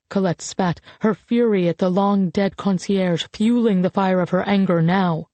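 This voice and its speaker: Calm audiobook narrator, warm low tone, dead dry booth sound. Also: moderate pace, few pauses, no echo.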